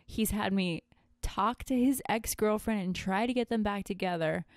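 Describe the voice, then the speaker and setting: Smooth-voiced woman telling frank stories. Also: mid-range voice, moderate pace, no room sound, studio quality. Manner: frank, profane storytelling with frequent laughs. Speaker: podcast co-host. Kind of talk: casual podcast chat.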